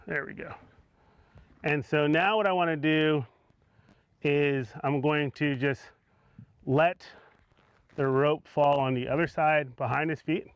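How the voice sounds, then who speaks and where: A man, a horse trainer, explaining what he is doing as he works a horse with a rope, calm and coaxing, with soft words of praise between steps. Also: a little high, measured pace, pauses often, smooth, dry recording, highs cut off. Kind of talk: instructional demonstration.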